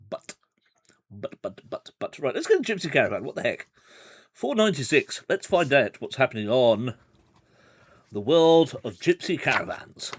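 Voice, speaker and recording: A man's voice: medium pitch, big pitch swings, measured pace, pauses often, husky. A man playing through a gamebook on a livestream, chatty and rambling with side remarks and chuckles. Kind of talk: casual livestream gamebook playthrough.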